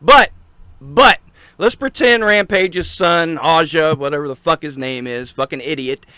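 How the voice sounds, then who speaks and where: A man's voice: on the high side, a little slow, sharp tone, clean tone, no echo. A man hosting a casual podcast chat, blunt and profane as he presses his point.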